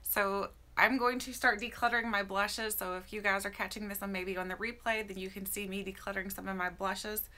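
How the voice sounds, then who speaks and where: A woman hosting a casual beauty live stream from home, greeting viewers by name. Her voice is slightly hoarse and tired. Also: medium pitch, steady tone, brisk, hardly any pauses, sharp tone.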